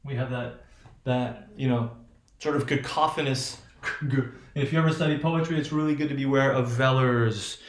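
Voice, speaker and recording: A man's voice: mid-range voice, steady tone, moderate pace, echoey room. A man lecturing on phonetics, who talks in a rambling way with many restarts and keeps checking in with "right?". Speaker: linguistics lecturer. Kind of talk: classroom lecture.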